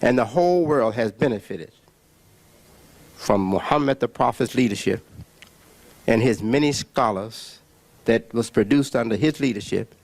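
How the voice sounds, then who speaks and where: A man giving a preaching religious lecture, emphatic, with long pauses and repeated words. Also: medium pitch, no echo. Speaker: religious speaker.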